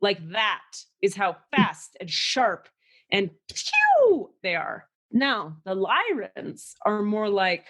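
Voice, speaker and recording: Woman, podcast host, channeler, casual spiritual reading, animated, swears freely, acts out little voices, mid pitch. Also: slow.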